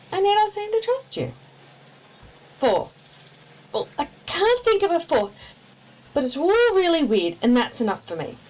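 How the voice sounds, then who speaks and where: A woman's voice: high voice, low-quality recording. An actress with an Australian accent playing a spirited, blunt young woman in an audio drama. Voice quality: brisk, bossy, lively. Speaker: companion character in an audio drama.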